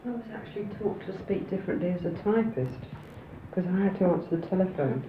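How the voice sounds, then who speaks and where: A woman's voice: lowish voice, lively intonation, fast, echoey room, narrow, tinny audio, noisy background. A woman telling a wry anecdote from her working life in a documentary conversation. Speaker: interviewee.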